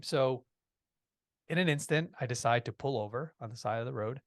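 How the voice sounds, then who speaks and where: A man telling a personal story as a podcast guest, in a lively way, with frequent restarts. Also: mid-range voice, a little fast, dry recording, studio quality. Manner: lively, acts out quoted voices, restarts often.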